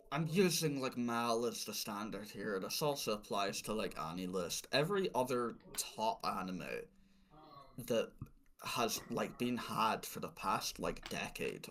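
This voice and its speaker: A man's voice: medium pitch, fairly bright tone. A man co-hosting a podcast, rambling in exasperation and swearing freely in casual chat. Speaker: podcast co-host.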